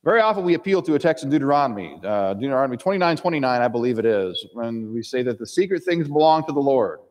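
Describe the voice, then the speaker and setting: A man's voice: mid-range voice, darkish tone, big-room sound. A male pastor giving a sermon, reading scripture aloud and acting out the characters' lines in dramatic voices.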